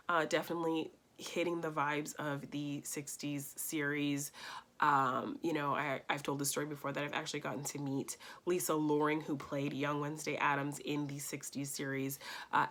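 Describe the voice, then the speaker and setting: A woman's voice: sits low, a bit bright. A woman giving a casual movie review, talking with gushing enthusiasm and telling stories.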